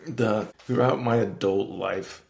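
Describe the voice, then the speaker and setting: A man's voice: lowish voice, takes it slowly, gravelly, darkish tone, reverberant. A man in his thirties, a podcast guest talking candidly and earnestly, acting out his inner voice with sudden raised tones. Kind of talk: candid conversational interview.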